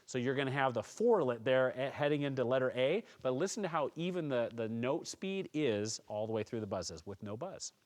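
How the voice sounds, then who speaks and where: A man giving a calm, encouraging music lesson, explaining percussion technique step by step to students. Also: medium pitch, fairly quick, hardly any pauses. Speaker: music teacher. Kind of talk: instructional tutorial.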